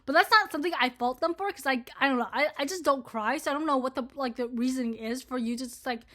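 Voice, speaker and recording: Young woman vlogger, high voice, profane rambling rant to camera. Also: quick pace, bright, forceful tone. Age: 20s. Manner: profane, rambling, heavy filler words. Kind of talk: casual ranting commentary to camera.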